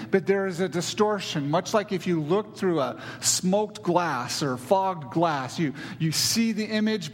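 An emphatic male pastor preaching a sermon, hammering home key words by repeating them. His voice sits high for a man. It carries the long, rolling reverb of a large hall.

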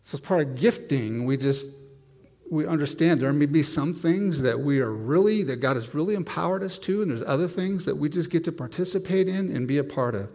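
In what sounds like a large church with long reverb, a man with a fairly high, slightly mellow voice preaches in an animated, brisk way. He often starts his sentences over and tells stories at his own expense.

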